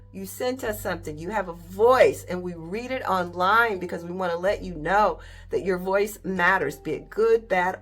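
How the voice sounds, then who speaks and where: A woman hosting a faith-based motivational talk, speaking in a direct, emphatic way and often asking "right?". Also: mid-range voice. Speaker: host.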